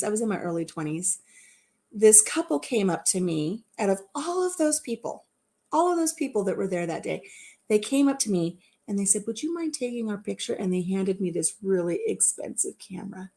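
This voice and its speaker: A woman in her fifties hosting a live chat and telling stories in a warm, chatty way, laughing at herself. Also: mid-range voice. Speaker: host.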